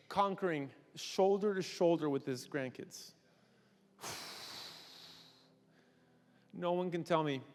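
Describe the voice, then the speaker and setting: A male pastor with a high-pitched voice tells a sermon story with animated flair. He acts out the characters as he goes. His voice rings with long reverb in a church hall.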